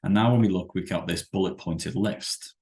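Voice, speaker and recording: A man teaching a web development lesson over a screen-share, explaining with halting, self-correcting sentences and many fillers. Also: low voice, darkish tone. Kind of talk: screen-share coding tutorial.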